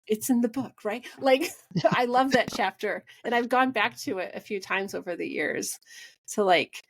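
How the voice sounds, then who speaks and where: A woman's voice: mid-range voice, normal speed. A woman hosting a podcast interview, chatting casually and acting out dialogue as she tells stories, with lots of "like" and "right". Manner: animated storyteller, acts out quoted dialogue; says "like" and "right" a lot. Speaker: podcast host.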